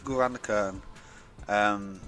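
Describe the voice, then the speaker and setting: Low-voiced young man rambling a story. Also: fairly even intonation, normal speed, a bit bright, faint music behind. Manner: rambling, swears a lot, acts out quoted dialogue. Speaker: vlogger. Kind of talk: casual storytime monologue.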